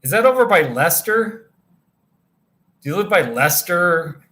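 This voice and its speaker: Animated, tired man chatting on a livestream. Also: sits high, moderate pace. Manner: rambling and animated, chatting to viewers by name. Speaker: livestream host reading viewer chat. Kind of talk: casual livestream chat. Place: motel room.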